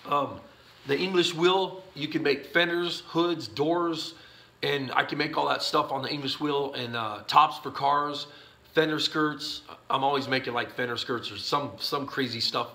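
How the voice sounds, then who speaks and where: A man's voice: fairly high pitch, steady tone, unhurried, creaky, sharp tone. A man talking casually to camera from his garage workshop, rambling in a folksy way with lots of uhs, and sleepy and yawning. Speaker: YouTube channel host answering viewer questions.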